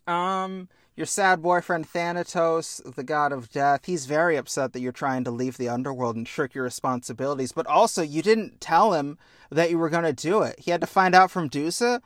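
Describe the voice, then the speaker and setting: Young male podcast host, excitable storyteller, higher voice, dry close sound. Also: normal speed, no echo. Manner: enthusiastic, swears freely, lively storytelling. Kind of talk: casual chat.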